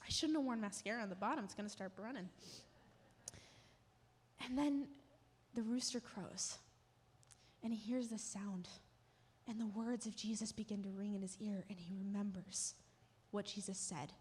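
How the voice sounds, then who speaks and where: A woman's voice: mid-range voice, steady tone, normal speed, long pauses, darkish tone, breathy edge. A woman giving a sermon, retelling a story vividly with emotional emphasis. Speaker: church speaker. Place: church. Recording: long hall reverb.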